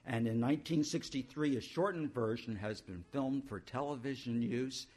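A man's voice: mid-range voice, moderate pace, darkish tone. A male pastor introducing a church service in a conversational way, with homely asides.

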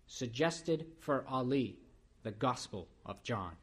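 A man's voice: medium pitch, normal speed. A man from Iran preaching a sermon and telling his own conversion story, earnestly, with building, repeated declarations. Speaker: preacher giving his testimony. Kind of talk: sermon testimony.

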